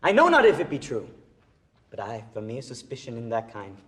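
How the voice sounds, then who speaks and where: An acting student playing Iago, a scheming villain, in a Shakespeare monologue that swings between hushed plotting and loud outbursts. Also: male voice, medium pitch, wildly swooping pitch, brisk.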